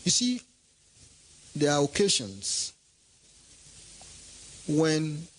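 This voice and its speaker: A man's voice: fairly high pitch, huge pitch swings, drawn-out words, low-quality recording. A man giving an impassioned political statement, emphatic and full of rhetorical questions.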